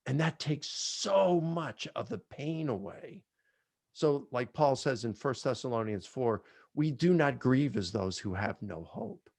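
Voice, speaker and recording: A man's voice: medium pitch, animated, unhurried, creaky, darkish tone, no room sound, clean studio sound. A man answering audience questions, sharing a personal reflection in an earnest, emotional way. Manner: earnest, emotional, repeats and restarts.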